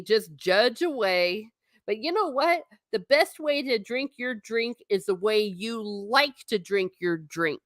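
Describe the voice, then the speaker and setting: A woman's voice: medium pitch, very animated, slow, no room sound, clean studio sound. A woman vlogger chatting casually with her viewers, giggly and self-mocking. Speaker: travel vlogger reading live chat. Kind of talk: casual live-stream chat.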